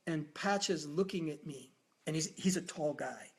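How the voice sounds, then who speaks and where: A man hosting a live talk, telling a personal story in a lively way and acting out the dialogue. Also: fairly high pitch, normal speed, gravelly. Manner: animated, acts out quoted dialogue. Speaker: host.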